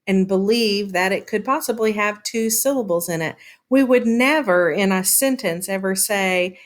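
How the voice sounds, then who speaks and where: A woman teaching a reading lesson at an unhurried pace. Her voice sits in an ordinary middle pitch, and she demonstrates words slowly and repeats her points.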